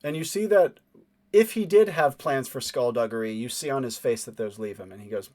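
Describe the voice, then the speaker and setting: A man running a tabletop game, narrating in a measured, descriptive way. His voice sits at an ordinary middle pitch for a man. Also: darkish tone. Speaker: game master.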